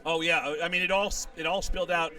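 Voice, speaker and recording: Male comedian guest, high-pitched, loose profane storyteller, picked up from a distance. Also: fast talker. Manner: animated anecdote teller, swears freely. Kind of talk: casual storytelling.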